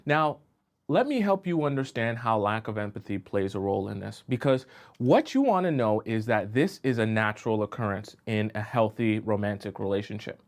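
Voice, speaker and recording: A man's voice: fairly low pitch, expressive, normal speed. A man speaking as a relationship coach, in the easy flow of an advice live stream. He works through his point with examples and keeps stopping to ask whether listeners are following him. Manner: keeps checking in with listeners, asking if they follow.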